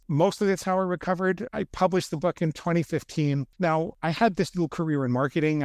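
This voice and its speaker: Brisk self-mocking male storyteller. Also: mid-range voice, no room sound, clean studio sound. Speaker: guest author. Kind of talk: storytelling interview talk.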